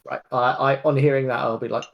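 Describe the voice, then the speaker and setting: A player in a tabletop game, describing moves in a slow, halting way with many restarts. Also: mid-range voice, fairly even intonation, vocal fry, highs cut off.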